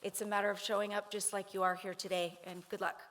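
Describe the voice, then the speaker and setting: A woman's voice: mid-range voice, flat delivery, fast talker, fairly bright tone, a little hiss or hum. Earnest woman giving a panel speech. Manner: earnest, repeats phrases, many fillers. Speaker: conference speaker.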